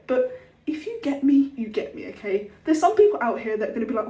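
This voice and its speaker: Young woman, fairly high voice, chatty and sweary, recorded a bit far off in an echoey room. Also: big pitch swings, fairly quick, warm tone. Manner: chatty, swears freely, acts out scenes. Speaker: skincare vlogger. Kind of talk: casual chat to camera. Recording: roomy echo, a bit far from the mic.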